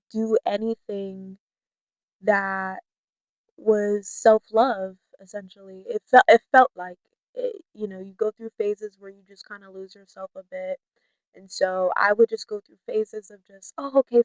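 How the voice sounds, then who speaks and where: A woman vlogger talking candidly to camera in a chatty way, full of "like" and "you know", who mimics her friends in a high playful voice. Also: darkish tone, clear, resonant tone, dry recording, dull audio. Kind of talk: candid personal talk to camera.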